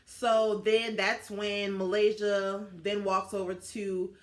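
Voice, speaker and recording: A woman's voice: mid-range voice, level tone, slow pace. A woman co-hosting a casual TV recap, walking through scenes and laughing along. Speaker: podcast co-host.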